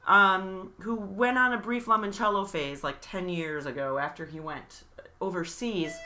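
A woman's voice: medium pitch, expressive, moderate pace, bright, forceful tone, soft background music. A woman co-hosting a casual podcast, chatty and laughing often as she drives the conversation. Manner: chatty, laughs often, scripted intro with a sung jingle. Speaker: podcast co-host. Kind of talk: casual chat.

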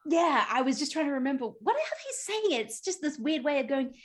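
A woman's voice: high-pitched, sing-song, a little fast. A woman guesting on a podcast in a casual chat, rambling with many ums and frequent laughs.

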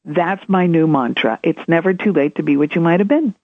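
A woman's voice: on the low side, a little fast, hardly any pauses, no room sound. Brief: woman author chatting by phone, casual fillers, tinny lo-fi line. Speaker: author guest. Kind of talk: interview conversation.

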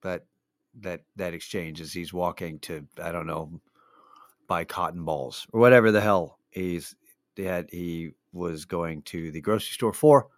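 Low-voiced man rambling wryly. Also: unhurried, no echo, clean studio sound. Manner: rambling, profane, wry storytelling with many fillers. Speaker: podcast host. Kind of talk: casual solo monologue.

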